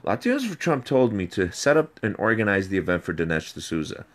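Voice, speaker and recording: Low-voiced man ranting and repeating himself. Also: fairly quick. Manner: animated, repetitive storytelling. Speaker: video subject ranting about an ex. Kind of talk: rambling personal rant.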